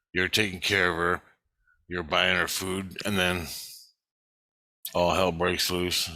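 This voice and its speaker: A man's voice: low-pitched, sharp tone, no echo. A middle-aged man rambling through a blunt, profane personal monologue about his spiritual life. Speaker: spiritual vlogger.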